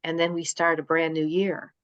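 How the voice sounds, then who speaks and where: Woman astrology reader, halting rambly delivery, lo-fi dry recording. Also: deep voice, level tone, smooth, no room sound. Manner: rambling, halting with many fillers. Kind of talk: spiritual live-stream talk. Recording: dull dry lo-fi sound.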